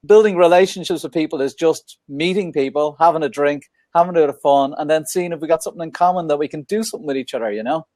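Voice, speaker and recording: A man's voice: on the high side, fast talker, few pauses, darkish tone, no room sound. An Irish man chatting casually as a guest on a video call, laughing easily. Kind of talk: casual chat.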